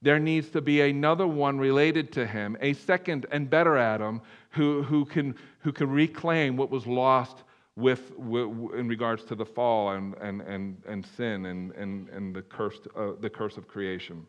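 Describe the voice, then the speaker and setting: A man preaching a sermon, animated, swinging from loud emphatic bursts to hushed low passages, with many restarts. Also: a little slow, lo-fi sound. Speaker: pastor. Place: church room.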